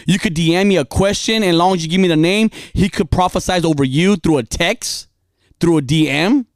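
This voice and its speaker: A woman's voice: fairly low pitch, a little fast, a little mellow, no echo. A woman giving a casual motivational talk, emphatic and repetitive, dropping slang as she drives her points home.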